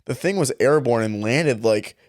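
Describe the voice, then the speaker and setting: A man's voice: mid-range voice, moderate pace, no echo, clean studio sound. A young man co-hosting a podcast, telling retail work stories in casual chat, laughing often and acting out customers. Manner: laughing, animated, acts out customers' voices. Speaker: podcast co-host.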